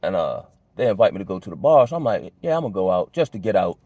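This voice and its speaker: A man giving a casual personal testimony, talking loosely in street slang with many restarts, his pitch jumping high when he gets worked up. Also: sing-song, quick pace, warm tone, no echo. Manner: conversational, loose street slang, many restarts and "you know what I'm saying"; emotional, pitch jumps high when agitated.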